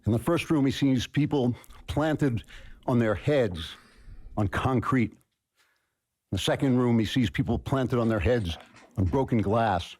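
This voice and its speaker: A man's voice: medium pitch, darkish tone. Dry-humored man giving a lecture. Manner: dry, deliberate, self-deprecating humor. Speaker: guest speaker. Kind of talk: university lecture speech. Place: lecture hall before an audience.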